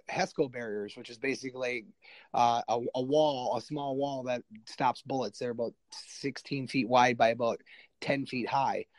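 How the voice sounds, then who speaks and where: A man's voice: medium pitch, no room sound. A man, a military veteran, tells his story in a casual, self-deprecating way with lots of fillers. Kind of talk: conversational storytelling.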